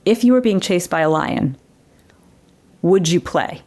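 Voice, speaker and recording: A woman guest on an interview show, an educator, explaining brain science in a lively conversational way. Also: fairly low pitch, unhurried. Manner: animated explainer who acts out quotes. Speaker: guest educator and former children's TV director.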